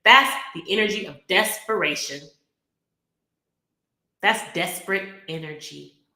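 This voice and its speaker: Bright-voiced woman coaching on relationships. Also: on the low side, a little slow, roomy sound. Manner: earnest, coaching, repeats key phrases. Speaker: relationship podcast host. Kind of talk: casual talk to camera.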